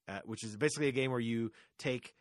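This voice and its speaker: A man's voice: mid-range voice, fast, no room sound, studio quality. An American man co-hosting a podcast in casual chat, rambling, stumbling over his words and laughing often. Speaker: podcast co-host.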